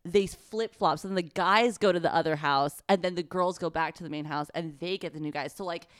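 A young woman co-hosting a podcast, jet-lagged and chatting casually, animated and swearing freely. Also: on the low side, brisk, clean tone, no room sound, clean studio sound. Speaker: podcast co-host. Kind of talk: casual chat.

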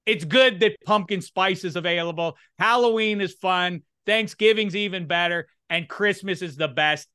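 A man hosting a casual sports talk podcast, ranting in a lively, mocking way. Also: high-pitched, normal speed, few pauses, clear, resonant tone, dry recording, studio quality. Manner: animated ranting, mock complaints. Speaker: podcast host.

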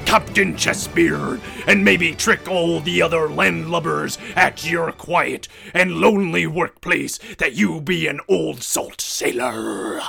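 A man voicing a gruff, boastful male pirate captain while hosting a podcast, growling his words in a comedic pirate role-play. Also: on the high side, pushed and bright, heavily acted. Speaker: podcast host.

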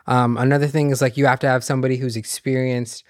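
A man's voice: medium pitch, level tone, fast, darkish tone, no room sound, studio quality. A man guesting on a podcast as a restaurant owner, talking loosely and profanely, often joking about himself. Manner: loose, profane, self-deprecating. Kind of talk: casual chat.

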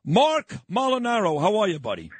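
Fired-up husky male radio host. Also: sits high, huge pitch swings, moderate pace, no room sound. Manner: fired-up, ranting. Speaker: radio talk show host. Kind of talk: opinionated morning radio talk. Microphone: studio microphone.

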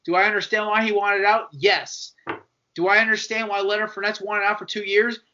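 A man co-hosting a casual sports podcast, animated and argumentative, acting out quoted voices as he makes his point. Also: high-pitched, brisk, slight background noise. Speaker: podcast co-host. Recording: dull lo-fi podcast audio.

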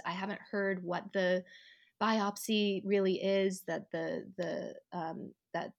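In her living room, a woman who acts and writes tells a personal story as a podcast guest, reflective in manner. She acts out the voices of people she quotes with lively rises, and her mid-range voice is unhurried.

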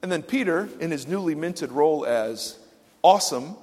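A man pastor delivering a sermon, swinging from loud emphatic lines to hushed, quiet asides. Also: on the high side, expressive, normal speed, in a large hall.

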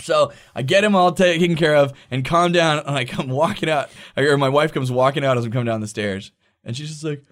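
A man in his thirties co-hosting a podcast, telling a story in a casual, animated way, acting out quoted voices and swearing freely. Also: fairly high pitch, brisk. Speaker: podcast co-host. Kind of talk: casual storytelling among friends.

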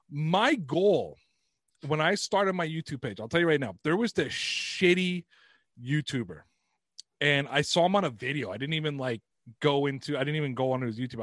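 A man's voice: mid-range voice, no echo, clean studio sound. A man from Canada, a podcast guest, telling stories in a casual, rambling way with frequent swearing. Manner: rambling, swearing, animated storytelling. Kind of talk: casual chat.

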